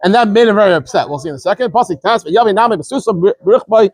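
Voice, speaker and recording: A man leads an informal Torah lesson at a rapid clip. His voice sits high and he explains with animated energy, often stammering and repeating words. The recording is close and dry. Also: slightly rough, no echo. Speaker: rabbi teaching a daily scripture class.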